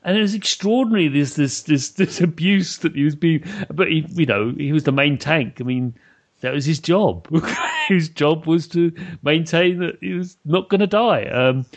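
A man's voice: fairly high pitch, moderate pace. A British man hosting a podcast interview, chatty and enthusiastic, laughing often. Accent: British English. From Britain. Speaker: podcast host. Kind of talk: casual interview chat.

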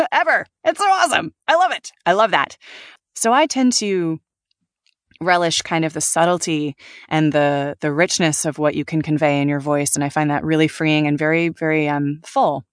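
A woman voice actor talking casually in an interview, animated, laughing often and restarting her sentences. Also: deep voice, moderate pace, dry recording, studio quality. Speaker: voice actor guest.

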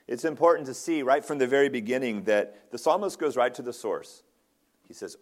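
A man's voice: medium pitch, very animated, normal speed. Male lay preacher, earnest expository sermon, mid-range voice, restarts phrases often. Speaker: ruling elder preaching. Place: church sanctuary.

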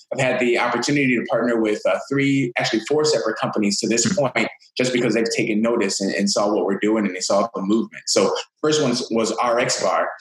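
Upbeat motivational man, low voice. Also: a bit bright, echoey room, rough recording. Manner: upbeat, motivational, talks in long flowing runs. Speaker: fitness coach, podcast guest. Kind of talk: energetic interview answers.

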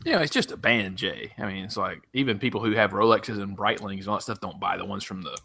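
Male podcast co-host, quick and bright, teasing banter. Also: lowish voice, gravelly, husky. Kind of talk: casual chat.

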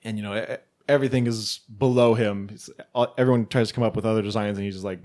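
Male podcast panelist, low voice, loose filler-heavy storytelling. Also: fairly even intonation, fast talker, darkish tone. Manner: rambling, filler-heavy, laughs often. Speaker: podcast panelist recapping a film. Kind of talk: casual podcast chat.

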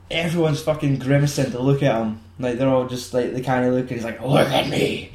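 A man's voice: medium pitch, a little mellow. Sweary man, roomy sound. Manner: sweary, laughing, acts out film lines in silly voices. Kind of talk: casual film chat. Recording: roomy echo.

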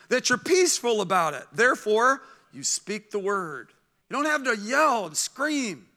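A middle-aged male pastor preaching with a high-set, very bright and forceful voice. He delivers the sermon in an animated way, slipping into the voices of people in his stories.

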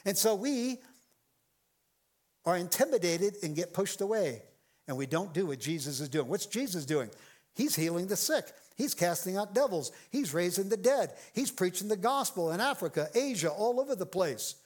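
Animated high-voiced man preaching. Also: moderate pace. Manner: animated preaching, acts out quoted voices, jokes with the congregation. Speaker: pastor. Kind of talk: sermon. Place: church sanctuary with congregation.

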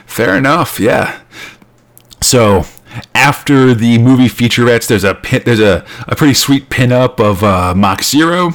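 A man's voice: mid-range voice, lively intonation, measured pace, a bit bright. A man co-hosting a casual chat, rambling with many fillers and restarts, laughing often. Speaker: podcast co-host.

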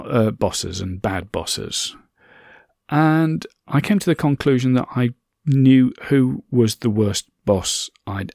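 A man's voice: mid-range voice, gravelly, a little mellow, dry recording, clean studio sound. A middle-aged man hosts a podcast. He talks earnestly and conversationally and repeats phrases for emphasis. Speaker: podcast host. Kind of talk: reflective motivational monologue.

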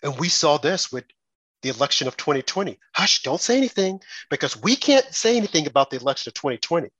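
Indignant man with an animated, husky voice. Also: fast talker, no room sound. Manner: mocking put-on quotes of opponents in raised pitch; indignant, rhetorical. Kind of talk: political commentary monologue.

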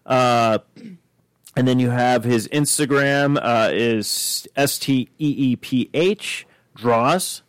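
A man's voice: mid-range voice, takes it slowly, clean tone, no echo. A podcast host, a man, telling a rambling casual story full of fillers and restarts, acting out the quoted lines. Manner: acts out quoted dialogue.

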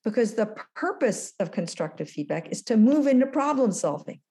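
A woman in her sixties, a guest in an interview, telling a story with lively acted-out dialogue. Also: fairly high pitch, moderate pace. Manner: animated storyteller, acts out dialogue. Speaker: guest, former business school lecturer.

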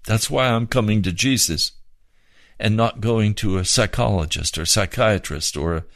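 A man preaching a sermon, fervent and pleading, with slow drawn-out emphasis. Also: on the low side, fairly bright tone, no room sound.

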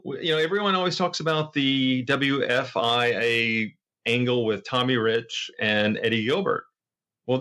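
Bright-voiced male podcast co-host. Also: mid-range voice. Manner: storytelling, rambling with many fillers and restarts. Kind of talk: casual chat.

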